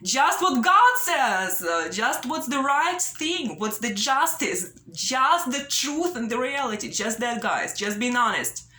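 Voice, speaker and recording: A woman pleads slowly and earnestly to her viewers, repeating her points and checking in with "yeah?". Her voice sits a little high and sounds bright and sharp. The room around her is echoey. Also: lively intonation. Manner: slow, repetitive, pleading, ends phrases with "yeah?". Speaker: vlogger. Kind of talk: earnest direct-to-camera appeal. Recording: roomy echo.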